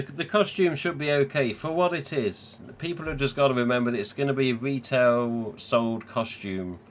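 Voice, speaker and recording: A man's voice: medium pitch, a little hiss or hum. A man from England hosting a live stream, chatting casually, swearing freely and laughing often. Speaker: livestream host.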